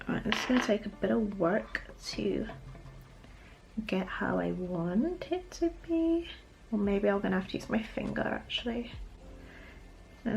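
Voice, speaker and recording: A woman's voice: mid-range voice, vocal fry. A young woman with a British accent chatting casually while doing her makeup, laughing often. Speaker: beauty vlogger. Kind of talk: get-ready-with-me makeup chat.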